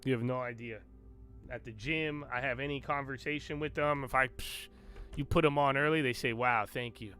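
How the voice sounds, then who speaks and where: Young guy live streaming, brags and teases chat, bright tense voice. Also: medium pitch, fairly even intonation, normal speed, faint music behind. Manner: boastful, banters with chat, swears. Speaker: livestream host. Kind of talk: casual livestream chat.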